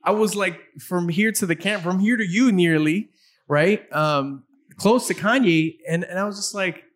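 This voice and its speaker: A middle-aged man hosting a casual interview, talking in a halting way and often repeating his words. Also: high voice. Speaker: interview host.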